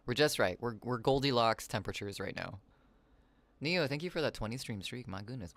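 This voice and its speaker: A man's voice: medium pitch, animated, a little fast, a bit bright, no room sound. A man rambling on a casual livestream from home, reading chat messages aloud into a desk microphone, his voice slightly raw. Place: home, with cats nearby.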